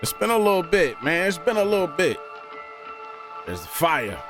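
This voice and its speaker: A man hosting a music reaction video, talking casually and excitedly and often saying "man". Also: fairly high pitch, normal speed. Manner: animated, often says "man".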